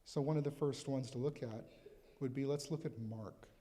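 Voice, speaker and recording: A male pastor gives a conversational, reflective sermon at a live church service. His voice is mellow and relaxed. A long reverb trails each phrase through the sanctuary. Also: medium pitch, moderate pace. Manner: conversational, reflective, reads scripture aloud.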